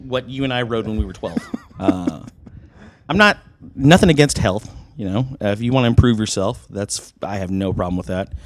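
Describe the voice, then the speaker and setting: A man co-hosting a casual podcast over drinks, telling stories in an animated, profane way. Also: lowish voice, moderate pace. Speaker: podcast co-host.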